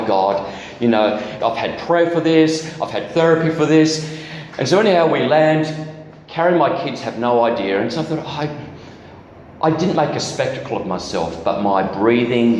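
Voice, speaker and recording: A man's voice: medium pitch, a little mellow, slight background noise. Man preaching in an echoey hall. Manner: candid storytelling with self-deprecating humor. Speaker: guest preacher. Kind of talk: personal testimony sermon. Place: church hall.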